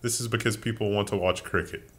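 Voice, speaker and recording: A man's voice: fairly low pitch, steady tone, fast talker, a bit bright. A man co-hosting a casual tech news show, reading headlines with dry remarks. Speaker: co-host.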